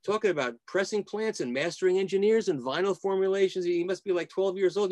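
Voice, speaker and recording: This guest audio reviewer has a high-pitched, slightly mellow voice, talks fast, and is recorded with no room sound. Being interviewed casually, he tells rambling stories and keeps restarting sentences.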